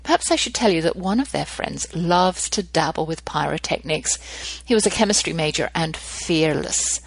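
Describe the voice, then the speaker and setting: Husky, gravelly woman storyteller. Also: deep voice, expressive, moderate pace, no room sound, poor audio. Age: middle-aged. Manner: wry, dryly humorous storytelling. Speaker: podcast host. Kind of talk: storytelling monologue.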